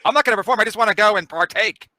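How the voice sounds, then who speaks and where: A man's voice: high voice, racing, bright, forceful tone, dry recording. A man on a podcast, teasing and cutting in with questions. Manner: teasing, interjecting. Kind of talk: podcast banter.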